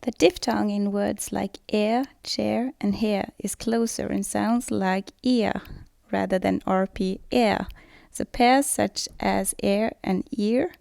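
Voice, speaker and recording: Woman presenting a language lesson, gravelly. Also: mid-range voice, steady tone, darkish tone. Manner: measured, explanatory, reading from notes. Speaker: student presenter.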